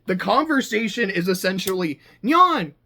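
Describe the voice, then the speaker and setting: Casual anime reviewer, animated and profane, stammering restarts. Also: medium pitch, measured pace. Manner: animated, swearing, stammering restarts, laughing asides. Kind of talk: casual chat.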